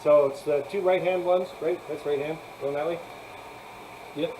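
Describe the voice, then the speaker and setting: A man's voice: on the high side, steady tone, moderate pace, a little mellow, a little hiss or hum, rough recording. A man hosting a casual live chat, rambling, laughing often and thanking viewers as he talks. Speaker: live stream host.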